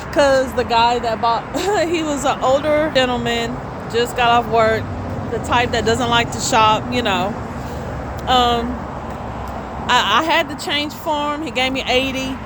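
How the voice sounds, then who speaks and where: Chatty Southern woman from Tennessee. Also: on the high side. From Tennessee, USA. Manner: chatty, storytelling, addresses viewers as y'all. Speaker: vlogger selling gift baskets. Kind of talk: casual chat to camera. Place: outdoors at a street sales stand, later at home. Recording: noisy outdoor street with traffic. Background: car traffic.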